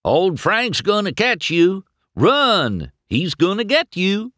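A man's voice: huge pitch swings, unhurried, dry recording, clean studio sound, full character voice. Male reader playing a cheerful prankster tow truck for an audiobook, teasing and bouncy. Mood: hollering. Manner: gleeful, teasing, higher and louder.

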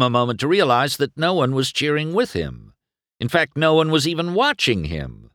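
A man reading a storybook aloud as narrator in an expressive storytelling manner. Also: mid-range voice, moderate pace, dry recording, clean studio sound.

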